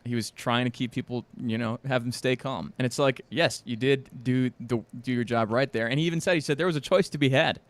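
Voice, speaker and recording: A man of middle pitch in loose podcast banter, recorded close and dry with no room sound. He talks in an animated way, laughs often and jumps into quick impressions of people he is telling about. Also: clear, resonant tone, no room sound. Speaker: podcast co-host. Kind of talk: casual chat.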